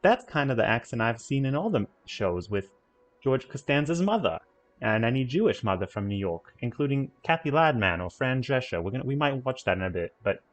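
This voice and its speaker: A man's voice: mid-range voice, big pitch swings, fairly quick. A man hosting a game stream in casual chat, playfully trying out accents.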